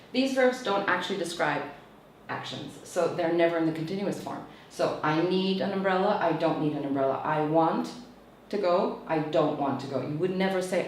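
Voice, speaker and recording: A woman whose voice sits low gives a tutorial lecture as a teacher trainer, patiently explaining and asking "okay?" after each point. The room is echoey, the mic is far away, and there's a little hiss or hum.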